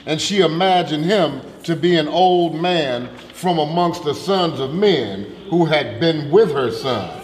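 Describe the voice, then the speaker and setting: A man's voice: a little high, animated, a little slow, few pauses, roomy sound, long reverb tail, a little hiss or hum. A man reading scripture aloud steadily. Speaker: scripture reader.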